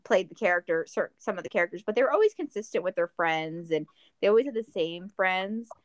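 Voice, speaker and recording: A woman co-hosting a podcast in casual chat, joking and rambling through plans in an animated way. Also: lowish voice, fast talker, no echo. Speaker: podcast co-host.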